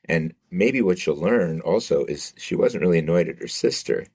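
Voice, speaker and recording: Very deep-voiced male expert guest. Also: animated, moderate pace, vocal fry, darkish tone, husky, no echo, clean studio sound. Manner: thoughtful, restarts sentences with "uh" and "you know". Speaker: guest expert, sibling researcher. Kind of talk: interview answers.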